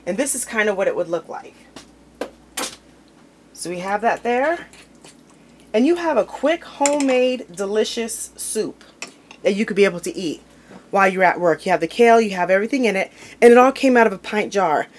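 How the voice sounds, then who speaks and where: A woman's voice: medium pitch, animated, normal speed, long pauses. A woman with a mid-range voice chats her way through a kitchen demonstration, talking informally as she handles jars and food. Dishes and cutlery clink now and then, and a faint hiss sits under the recording. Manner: chatty and informal, talks while handling food. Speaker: home cooking video host. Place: home kitchen.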